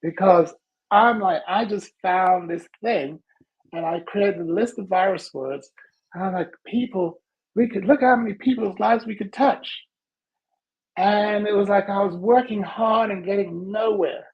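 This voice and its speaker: A man hosting a podcast as a coach, telling stories in conversation and acting out other people's voices with big jumps in pitch. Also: measured pace, highs cut off. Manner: laughs while telling. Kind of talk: storytelling in conversation.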